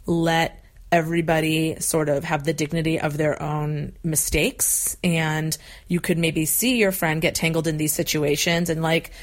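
A woman, a parent of a toddler and an author, talking as a guest in a casual chat, lively and full of fillers. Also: deep voice, unhurried. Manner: chatty, lively, full of fillers and acted-out quotes.

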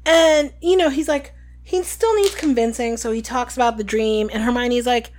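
Woman, slightly high voice, casual podcast co-host, chatty book recap. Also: normal speed, darkish tone. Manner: retells scenes with filler ums and quoted lines.

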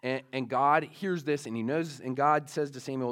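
A man's voice: medium pitch, moderate pace, fairly bright tone, clean tone. A male pastor preaching a sermon in a casual storytelling way, with many fillers, speaking to young listeners.

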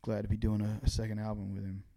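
A man guest on a podcast speaks in a soft, hesitant way, starting sentences twice. His voice is mellow and gravelly, fairly flat in tone. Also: fairly low pitch, fast talker. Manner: soft-spoken, hesitant, repeats words. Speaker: guest songwriter. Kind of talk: casual interview chat.

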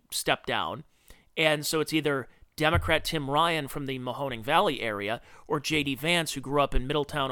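Male podcast host, slightly high, lively sarcastic ranter, bright edge. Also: clean tone, no echo, studio quality. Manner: animated, ranting, sarcastic. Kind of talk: opinionated political commentary.

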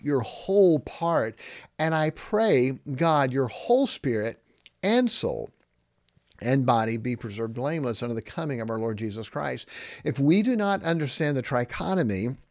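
A man's voice: medium pitch, a little mellow, no room sound. Man, podcast host, Bible teaching, emphatic, rhetorical questions, dry close sound. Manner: emphatic, repeats questions and answers them; reads scripture aloud in King James wording.

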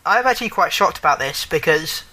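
A man's voice: on the high side, expressive, fairly quick, pushed and bright, poor audio. A man co-hosting a casual gaming chat show, rambling, correcting himself mid-sentence and joking as he goes. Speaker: podcast co-host.

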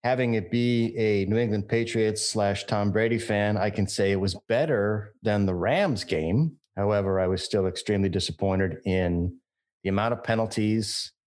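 Easygoing lower-voiced male co-host. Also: normal speed, darkish tone. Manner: easygoing, opinionated banter. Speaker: podcast co-host. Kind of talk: casual chat.

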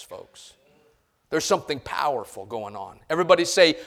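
A middle-aged man preaching a sermon in a church, swinging from quiet talk to loud emphasis and acting out voices. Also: medium pitch, animated, moderate pace. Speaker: pastor. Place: church sanctuary.

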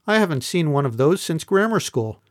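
A man's voice: fairly high pitch, sing-song, normal speed, dry recording, studio quality. A man voicing a chatty young woman trainee in an audiobook. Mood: plain.

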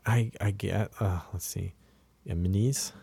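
A man's voice: low voice, moderate pace, a little mellow, no echo. A man co-hosting a podcast, casually talking through a film with many fillers and restarts. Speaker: podcast co-host.

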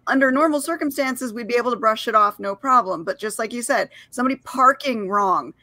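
A woman's voice: a little high, brisk, pushed and bright, dry recording. A woman co-hosting a casual chat, speaking earnestly and reflectively.

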